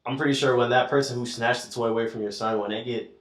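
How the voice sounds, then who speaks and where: A man in a casual conversation who talks quickly and agreeably, often affirming the other speaker. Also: mid-range voice, fairly even intonation, a bit bright. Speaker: podcast conversation participant. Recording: echoey room, mic at a distance.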